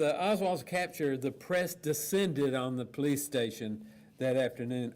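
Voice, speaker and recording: Moderating a panel, a man reads an account aloud in a steady, plainspoken way, using plenty of fillers. His voice is medium-pitched.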